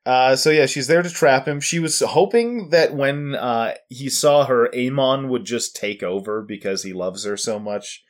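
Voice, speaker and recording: A man's voice: mid-range voice, unhurried, hardly any pauses. Laughing young man recapping an anime. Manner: rambling, laughing, many fillers and restarts. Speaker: podcast co-host. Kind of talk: casual recap of an anime episode.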